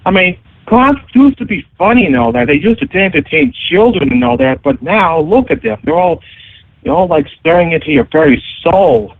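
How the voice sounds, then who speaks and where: A man with a somewhat raised voice calls in to tell a story, hesitant and halting, filling gaps with little sounds. His voice comes over a dry, tinny phone line with no room sound at all. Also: a little high, sing-song, no room sound. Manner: hesitant, full of fillers. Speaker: caller. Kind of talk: telling a story on a call-in show.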